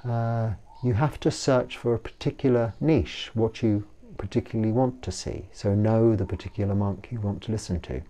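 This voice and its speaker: Deep, mellow English monk in his 50s. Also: moderate pace, few pauses. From England. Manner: rambling and hesitant, full of ums and restarts. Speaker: Buddhist monk. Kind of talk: casual talk answering a viewer question.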